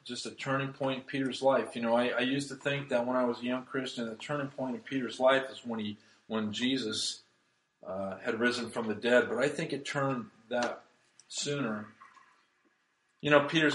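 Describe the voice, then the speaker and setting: A pastor preaching a sermon, swinging between loud emphasis and hushed, soft passages. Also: male voice, mid-range voice, fairly even intonation, moderate pace, echoey room, rough recording.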